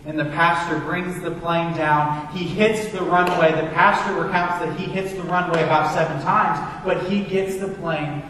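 A man's voice: on the high side, fairly even intonation, moderate pace, few pauses, fairly bright tone, a little hiss or hum. A man preaching a sermon in a church, telling a story earnestly, recorded from far off in an echoey hall. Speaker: pastor.

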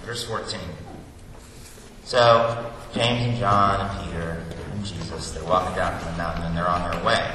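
Male preacher, bright and lively voice, recorded from a distance in a reverberant church hall. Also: low-pitched, normal speed, a little hiss or hum. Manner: animated storytelling, acts out voices for comic effect. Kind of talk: sermon. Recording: echoey hall, distant mic, faint ambience.

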